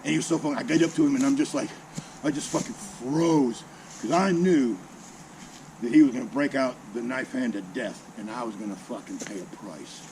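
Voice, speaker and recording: A man's voice: medium pitch, fairly quick, slight background noise, low-quality recording. A man in his sixties telling a salty personal story in a casual, heavily profane way. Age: 60s. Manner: heavily profane, salty, animated with mimicked sounds.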